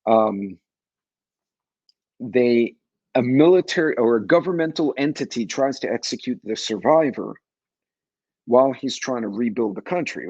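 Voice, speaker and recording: A man's voice: medium pitch, a little mellow, no room sound, dull audio. A man in his forties from New York City, hosting a casual livestream talk show and rambling as he answers viewer chat.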